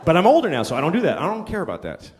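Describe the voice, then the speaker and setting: A man doing stand-up, candid and crude, stumbling over starts and landing loud punchlines. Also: a little high, huge pitch swings, racing, in a large hall, a faint crowd, a little hiss or hum. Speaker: stand-up comedian. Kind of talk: stand-up set.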